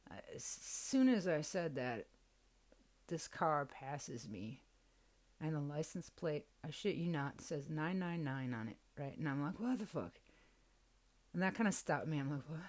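A young woman hosts a podcast, sharing a personal story in a candid, casual manner and swearing freely. Her voice is low and a little mellow.

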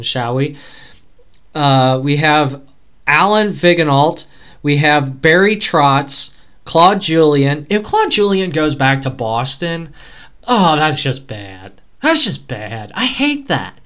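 A man co-hosting a podcast on his own, rambling through casual chat. He gets excitable and often breaks into pleading outbursts. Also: fairly high pitch. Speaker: podcast co-host. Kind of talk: casual solo sports chat.

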